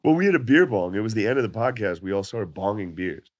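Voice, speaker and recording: A man telling laid-back, profane stories as a comedian guest on a podcast, his voice going hoarse. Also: on the low side, expressive, fast. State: losing his voice. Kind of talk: casual podcast chat.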